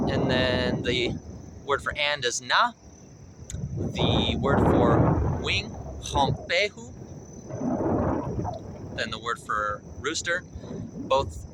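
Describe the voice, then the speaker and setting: A man giving a language lesson outdoors, explaining a symbol and then slowly sounding out each word of a phrase. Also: mid-range voice, sharp tone, slight background noise, poor audio. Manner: slow, careful sounding-out of words. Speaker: language teacher. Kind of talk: pronunciation lesson.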